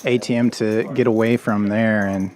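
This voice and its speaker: A man's voice: on the low side, fairly even intonation, normal speed, darkish tone. A man commentating a live poker game play-by-play, with a playful, wry manner.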